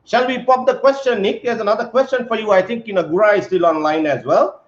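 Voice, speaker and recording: A man's voice: high-pitched, quick pace, hardly any pauses. Chatty man on an echoey video call. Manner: chatty, many fillers, calls guest mate. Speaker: host. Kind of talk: casual live-stream chat. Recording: echoey, dull lo-fi audio.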